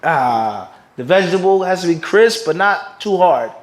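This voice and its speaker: A man's voice: high voice, brisk. Man teaching, quizzing listeners with "what?". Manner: keeps checking "everybody understand this?"; animated, mixes in Arabic terms. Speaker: mufti teaching a hadith class. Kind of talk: religious lecture.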